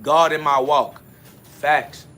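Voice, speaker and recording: A man hosts a solo spiritual podcast, answering listener comments in a blunt, confrontational way. His speech is full of profanity and returns again and again to the same catchphrases. His voice sits a little high and sounds bright and forceful. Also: steady tone, slow pace. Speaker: podcast host.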